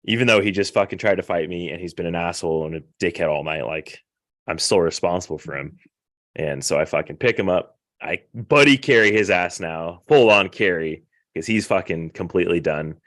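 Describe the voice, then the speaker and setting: Deep-voiced man telling a profane war story. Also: brisk, no echo, studio quality. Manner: profane, rambling, animated retelling. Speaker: podcast host. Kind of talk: casual storytelling.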